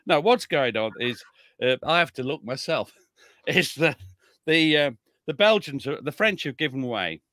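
Male military historian, guest spot: bright, forceful voice, dry close sound, loose chatty delivery full of restarts and blunt asides. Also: fairly high pitch, expressive, measured pace, no room sound. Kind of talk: casual conversational interview.

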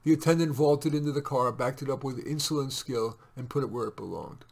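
A man reading a classic short story aloud in a steady, measured narration. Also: medium pitch, gravelly. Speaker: reader.

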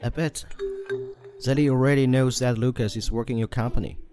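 A man's voice: mid-range voice, fairly even intonation, a little fast, over music, natural voice. An actor playing a pampered rich young man who whines and clings, acting scared. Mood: confiding. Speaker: rich husband, the child's father. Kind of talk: short drama acting.

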